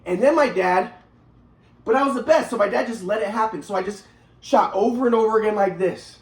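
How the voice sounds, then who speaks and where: A man's voice: sits high, fairly quick. A man rambling agitatedly through a personal story, swearing often and restarting his sentences. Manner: agitated, profane, repeats and restarts himself. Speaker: vlogger telling his own story. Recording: echoey room.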